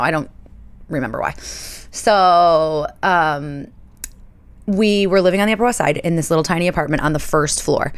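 Thirties woman podcast host, lowish voice, dramatic chatty storyteller. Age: 30s. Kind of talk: casual solo podcast storytelling.

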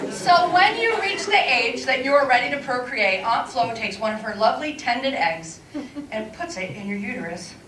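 A brash woman in her fifties on stage doing stand-up, high-voiced and confessional, chuckling through her jokes. She sounds far from the mic in an echoey room, with a loud audience and room noise behind her. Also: lively intonation, normal speed, crowd noise. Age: 50s. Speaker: stand-up comedian. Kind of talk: stand-up comedy set. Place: stage before a live audience.

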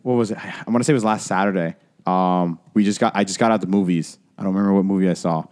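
Young guy, podcast co-host, lower voice, loose casual storyteller who swears and rambles with fillers. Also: fast, a little mellow, smooth. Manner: rambling, profane, lots of fillers and "like".

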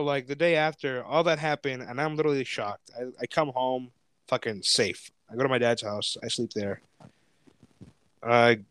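A man's voice: mid-range voice, smooth, no room sound, clean studio sound. A young man telling a story in casual chat, swearing often, laughing, and acting out what others said. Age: young adult.

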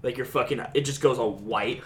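Laughing podcast host in an echoey room. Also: male voice, mid-range voice, fairly quick, a bit bright. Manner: jokey, laughs often, swears. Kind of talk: casual chat.

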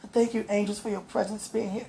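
A woman giving a fervent, emotional prayer and encouragement talk in a gravelly, sometimes hoarse voice, recorded at home. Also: mid-range voice, flat delivery, fast, mellow. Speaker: spiritual vlogger.

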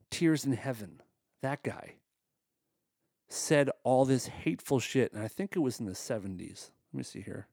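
A man's voice: medium pitch, darkish tone, dry recording, studio quality. A married man hosting a comedy podcast, talking in a casual monologue that is exasperated, sarcastic and full of swearing. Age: adult, married.

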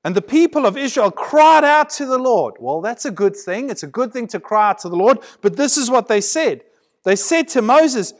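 A man's voice: extremely high pitch, sing-song, normal speed. A man preaching a sermon, retelling a scripture story dramatically and often repeating words as he builds emphasis.

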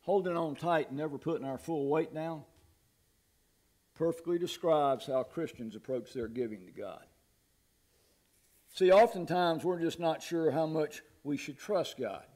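Folksy male pastor, fairly high voice, sermon delivery with humor. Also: unhurried, a little mellow. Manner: folksy, laughs at his own jokes.

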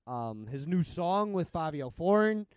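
A podcast host talking in loose, excitable chat, peppered with swearing. His voice sits fairly high for a man. The recording is dry and close, with no room sound. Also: unhurried, clean tone, no echo. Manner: animated, profane, excitable. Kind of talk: casual chat.

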